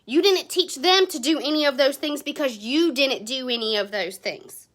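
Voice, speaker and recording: A woman's voice: high-pitched, moderate pace, fairly bright tone. A woman, giving a blunt, passionate motivational talk to her sales team. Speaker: direct sales team leader.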